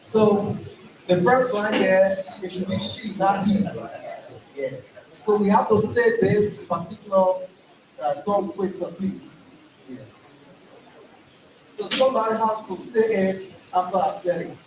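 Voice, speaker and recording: A man leading an audience in tongue twisters, speaking slowly and coaxing them to repeat after him. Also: high voice, a crowd in the background. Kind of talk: leading an audience in call and response. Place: large indoor hall at a university ceremony. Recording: echoey hall, voice from far off, background noise.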